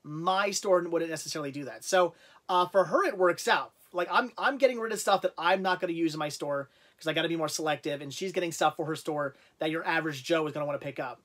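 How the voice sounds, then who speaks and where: A man's voice: a little high, fast, a bit bright. A man hosting a casual livestream, talking in a rambling way with lots of fillers and repeated words. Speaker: livestream host.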